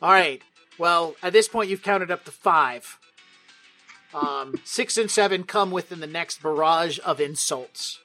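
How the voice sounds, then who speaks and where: This game master, fairly high-voiced with a sharp tone, keeps a measured pace while narrating the tabletop session. Playful and wry, he frequently breaks into laughter, and soft music plays behind him.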